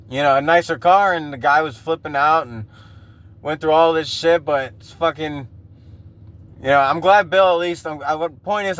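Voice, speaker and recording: A man's voice: a little high, a bit bright. Rambling, profane podcast man. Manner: profane and rambling, laughs often. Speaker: podcast host. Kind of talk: casual solo podcast riff.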